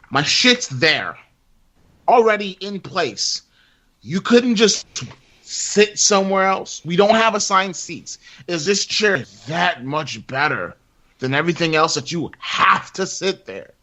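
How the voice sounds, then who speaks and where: Man, podcast co-host, fairly high pitch, animated, swearing, acting out quotes, dull lo-fi sound. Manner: profane, animated storytelling with acted-out quotes. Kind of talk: casual chat.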